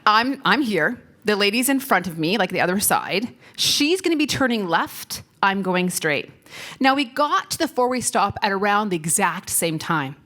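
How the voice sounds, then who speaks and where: A woman's voice: medium pitch, sing-song, normal speed, sharp tone. A woman giving a conference keynote on stage, telling stories playfully, laughing often and talking directly to the audience. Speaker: keynote speaker. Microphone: stage microphone.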